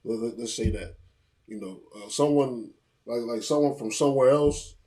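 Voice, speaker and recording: A man leading a class in a relaxed, casual way, often checking in with "you know what I'm saying.". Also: medium pitch, normal speed, rough recording. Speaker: class leader.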